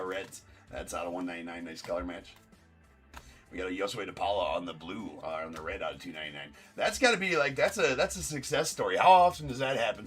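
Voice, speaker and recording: Low-voiced guy running a card break stream, bright edge to his voice, chats with viewers, faint music behind. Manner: rattles off cards, banters with chat.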